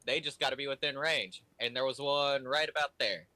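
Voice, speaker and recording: Bright-voiced man reading his spell rules. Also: medium pitch, no room sound. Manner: reads rules aloud haltingly, with fillers. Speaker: player. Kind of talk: casual tabletop play.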